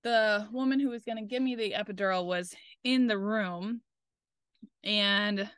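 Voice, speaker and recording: A woman's voice: mid-range voice, steady tone, unhurried, a bit bright, smooth, no room sound, studio quality. A young woman talking casually and candidly as a podcast co-host, swearing freely as she tells a personal story and quotes the people in it.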